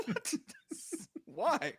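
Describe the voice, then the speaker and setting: Lively, excitable young man ranting. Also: extremely high pitch. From Korean American. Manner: animated, heated and joking, with lots of slang fillers. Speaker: podcast host. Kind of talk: casual sports podcast chat.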